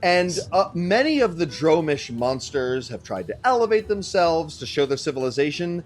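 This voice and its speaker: A man narrating as game master, animated and casual, who swears freely. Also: fairly high pitch, normal speed.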